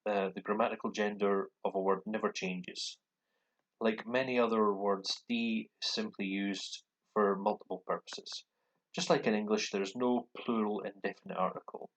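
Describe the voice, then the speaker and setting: A Scottish man who vlogs about learning languages talks through a language course in a casual, hesitant way, full of ums and restarts. His voice is fairly low with fairly even intonation at normal speed, and the poor-quality audio catches computer speakers playing alongside him.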